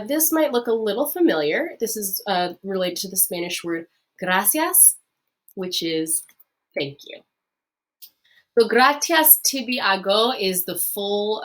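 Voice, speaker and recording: A lively woman teacher gives a recorded lesson, and her pitch rises and falls a lot. She is friendly and upbeat, fills pauses with "um" and "uh", and slows down to repeat key phrases.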